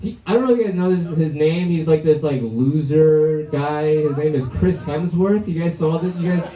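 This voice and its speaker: Young male comic with a high-leaning, mellow voice, brash crude stand-up, live club mic in a roomy space. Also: moderate pace, far from the mic, highs cut off. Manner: brash, crude, laughing at his own jokes. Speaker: stand-up comedian. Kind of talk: stand-up set at an open mic. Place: comedy club stage.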